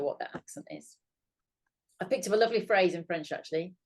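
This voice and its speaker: A woman's voice: fairly low pitch, expressive, brisk, long pauses. A woman co-hosting a sewing tutorial, talking in a gushing, enthusiastic way. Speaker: co-host of a sewing channel. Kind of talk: casual craft tutorial chat.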